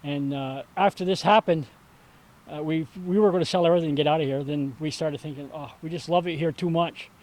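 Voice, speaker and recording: Older man, folksy high-voiced storyteller. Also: fairly even intonation, darkish tone, poor audio. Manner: folksy storyteller, halting with fillers. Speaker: vegetable stand owner. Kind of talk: casual chat on a walking tour. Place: outdoors at a rural home.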